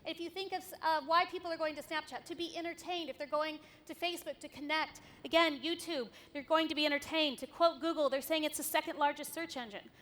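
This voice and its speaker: Bright, high-pitched woman speaker on stage. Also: steady tone, a little fast, hardly any pauses. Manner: candid, wry, swears casually. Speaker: conference speaker. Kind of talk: keynote talk with slides. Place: conference stage.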